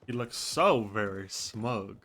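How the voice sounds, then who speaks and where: A man's voice: fairly low pitch, animated, takes it slowly, fairly bright tone, slight background noise. A man streaming a role-play game, chatting casually with viewers, thinking aloud and swearing freely. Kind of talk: casual out-of-character chat with viewers.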